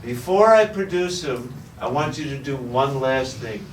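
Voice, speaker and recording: A man voicing a calm, patient boatman in a told story who reassures a group of monks. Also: mid-range voice, unhurried, a little hiss or hum, natural voice. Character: calm, wise old boatman. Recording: roomy echo, distant mic.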